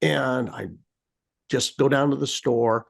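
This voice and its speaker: A mid-range voice with vocal fry, moving at a slow pace, belongs to an American man co-hosting a casual chat. He narrates a story animatedly, reproducing beeps and dramatizing his frustration.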